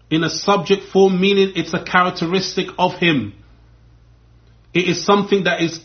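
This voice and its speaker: Guy with a high voice going through a religious lesson point by point, kinda dull lo-fi sound. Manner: explains step by step, repeating key points. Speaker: Islamic teacher. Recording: dull lo-fi recording.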